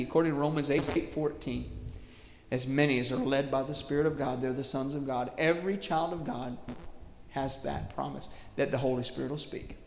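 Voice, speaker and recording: A man preaching a sermon in an animated way, acting out quoted voices and often repeating words. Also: on the high side. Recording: echoey hall, faint noise.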